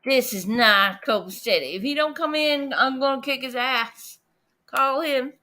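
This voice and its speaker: A woman hosting a casual livestream, excitable and chatty, jumping from loud exclamations to quiet muttering. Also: sits high, a little slow. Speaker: livestream host.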